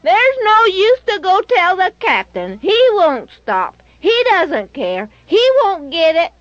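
A woman's voice: big pitch swings, takes it slowly, dry recording, heavily acted. A woman voicing an upset little boy who whines and complains stubbornly. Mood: sulky. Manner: shrill, whiny complaining. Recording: dull lo-fi recording.

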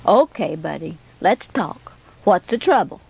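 A woman voicing an earnest, caring father who speaks quietly but firmly and preaches to his son. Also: on the low side, lively intonation, a little slow, creaky, slightly rough, no echo, highs cut off, voice pushed down, exaggerated voice. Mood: concerned.

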